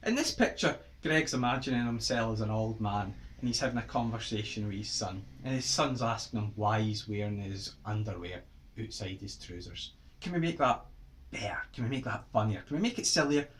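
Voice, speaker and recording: A man with a Scottish accent giving a playful lesson to children, with animated, exaggerated exclamations. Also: on the low side, fairly quick. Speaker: writer teaching children.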